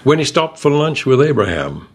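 A man's voice: mid-range voice, very animated, moderate pace. A man leads a Bible study, reading passages aloud with expression. His voice rises and falls over a wide range, and he keeps turning to the class with questions.

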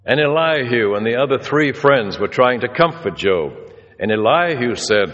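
A man's voice: medium pitch, expressive, normal speed, a bit bright. A male preacher telling stories in a sermon, acting out the people he quotes. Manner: storytelling, acts out the people he quotes. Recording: reverberant hall.

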